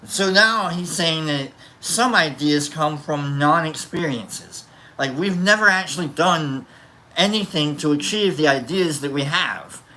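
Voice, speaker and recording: A relaxed, jokey teacher walks through a philosophy text out loud, often losing the thread and correcting themselves. The voice is bright and crisp. The pace is slow and unhurried. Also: mid-range voice. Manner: rambling, stop-start, many fillers and self-corrections; laid-back and jokey. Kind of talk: casual philosophy lesson, reading from a book.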